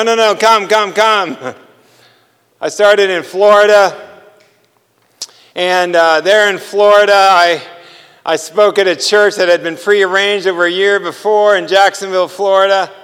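Male preacher, high and clear voice, animated storytelling, hall echo. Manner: animated storyteller, acts out dialogue with laughs. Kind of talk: sermon storytelling.

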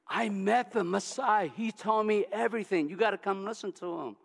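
A man's voice: sits high, unhurried, fairly bright tone, long reverb tail, slight background noise, pitched above the performer's own voice. A man voicing a weary, ashamed village woman who despairs over her past and repeats herself, acted out during a sermon. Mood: excited. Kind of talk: sermon storytelling.

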